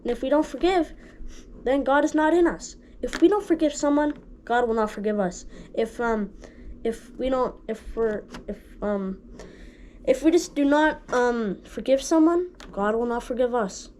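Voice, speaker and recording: Woman, casual home Bible teacher, higher pitch, halting delivery full of restarts and "right?" check-ins. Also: a little mellow, a little hiss or hum. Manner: halting, restarts often, asks "right?" and "okay?" constantly. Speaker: amateur online Bible teacher.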